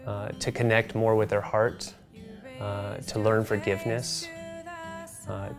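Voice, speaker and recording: A speaker talking about their program in an interview, pausing often with fillers. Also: mid-range voice, level tone. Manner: hesitant, many uh pauses. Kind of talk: promotional interview. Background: guitar music.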